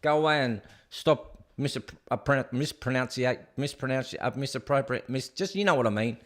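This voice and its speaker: A man's voice: mid-range voice, a little fast, a bit bright. A middle-aged man with an Australian accent hosting a casual solo livestream, chatty and jokey as he rambles and reads viewer comments aloud. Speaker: host.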